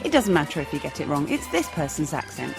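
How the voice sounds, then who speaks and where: A woman teaching improv comedy in a bright, demonstrative instructional narration. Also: low voice, sing-song, quick pace, gravelly, over music. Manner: bright, demonstrative, sing-song.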